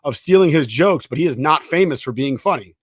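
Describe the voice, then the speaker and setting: A man's voice: a little high, lively intonation, brisk, no room sound, clean studio sound. A man co-hosting a casual podcast, arguing insistently with long examples. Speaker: podcast co-host. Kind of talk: casual argumentative chat.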